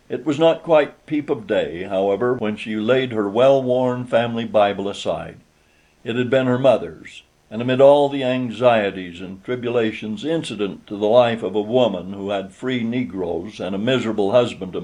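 A man narrating a story aloud in a steady, measured audiobook reading. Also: fairly low pitch.

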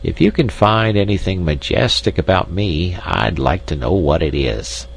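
A man's voice: low-pitched, expressive, moderate pace, vocal fry, full character voice. A man voicing a lazy, querulous male weasel king in a storybook reading, snappish and whiny.

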